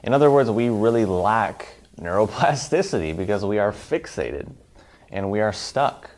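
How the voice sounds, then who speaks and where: A man's voice: lowish voice, lively intonation, normal speed, a little mellow. A man giving a motivational self-help talk, emphatic and piling up long lists.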